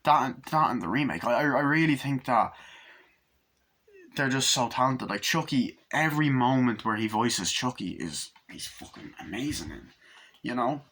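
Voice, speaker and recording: Male reviewer, casual vlog, rambling and excited, swears a lot. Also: medium pitch, moderate pace. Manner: enthusiastic, rambling, swears freely. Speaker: movie reviewer.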